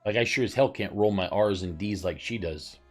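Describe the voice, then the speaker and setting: A man's voice: lowish voice, fairly quick, soft background music. A man streaming a video game, chatting casually and joking about himself. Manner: self-deprecating, joking.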